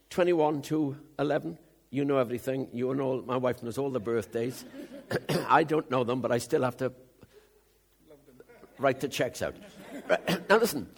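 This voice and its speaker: Gravelly older man preaching. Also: mid-range voice. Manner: chatty storytelling, frequent throat-clearing and chuckles. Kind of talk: conversational sermon.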